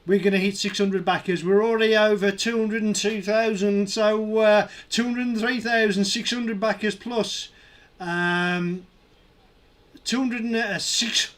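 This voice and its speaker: Male streamer, high and bright, excitable live commentary. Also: measured pace. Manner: excitable, counting numbers aloud, shouting at milestones. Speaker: streamer hosting a live crowdfunding watch.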